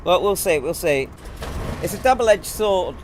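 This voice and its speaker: Streamer, fairly high voice, rambling chat while racing at his home rig, noisy background. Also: lively intonation, measured pace. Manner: chatty, rambling, reacting to the race mid-sentence. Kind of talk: casual live-stream commentary while racing.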